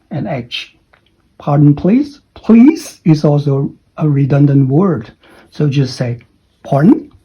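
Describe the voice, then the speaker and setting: A man's voice: on the high side, breathy edge. A man teaching an English lesson. He explains patiently and often checks understanding with "okay?". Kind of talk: recorded lesson. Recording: dull lo-fi recording.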